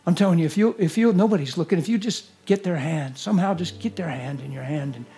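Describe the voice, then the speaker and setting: A man preaches a heartfelt sermon and leads prayer, his voice sitting a little high. He drops into hushed whispers, then rises into loud exclamations. Soft music plays faintly beneath him. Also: fast. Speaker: guest preacher. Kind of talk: sermon with altar call and prayer. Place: church service.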